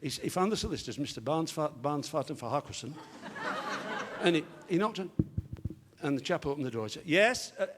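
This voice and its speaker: An older man tells rambling stand-up jokes, restarting his lines and slipping into character voices. His voice sits a touch high for a man and swings up and down with a lot of life. Laughter rises from the audience behind him. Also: lively intonation, brisk, background noise. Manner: rambling joke-telling with many restarts and acted-out voices. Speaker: stand-up comedian. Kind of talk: live stand-up storytelling. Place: large theatre stage.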